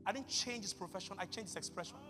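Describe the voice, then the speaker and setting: A pastor preaching a sermon, bursting into shouts and acting out conversations with God. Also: male voice, sits high, quick pace, long reverb tail, music in the background. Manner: acts out dialogues with God.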